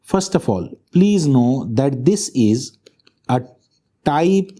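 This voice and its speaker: A man's voice: medium pitch, lively intonation, slow pace, mellow. A man giving a medical lecture, stressing key terms and often checking in with his students. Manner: emphatic, keeps checking in with the class. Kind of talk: classroom lecture.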